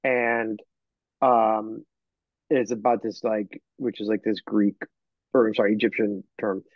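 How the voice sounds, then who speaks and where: Author guest, man, mid-pitch, rambles and self-corrects, muffled dry call audio. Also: little pitch movement, unhurried, no room sound. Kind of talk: casual chat. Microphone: video call.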